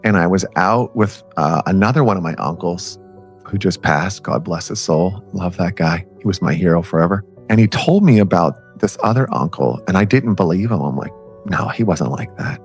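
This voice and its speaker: Earnest gravelly man talking to camera. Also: fairly low pitch. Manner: earnest, rambling, direct questions to viewer. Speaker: self-help speaker. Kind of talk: personal story and advice to camera.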